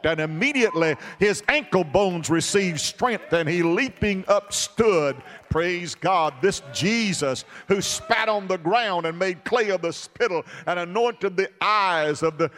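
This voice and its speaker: A male preacher delivering a sermon in a measured, drawn-out rhythm, his voice sitting somewhat high for a man. He builds emphasis through repetition and breaks into sudden shouts. His words ring out with a long hall reverb behind them.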